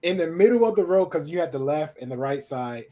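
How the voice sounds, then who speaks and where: A man from Alabama telling a story in a rambling, relaxed way on a casual podcast. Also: fairly high pitch, fairly quick. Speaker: podcast co-host. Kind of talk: casual chat.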